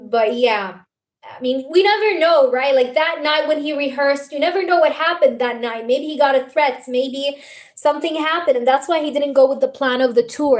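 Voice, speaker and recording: High-voiced woman chatting on a live stream. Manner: rambling, emotional, full of fillers and restarts. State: teary, tearing up. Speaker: tarot reader on a livestream. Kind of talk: live-stream chat with viewers.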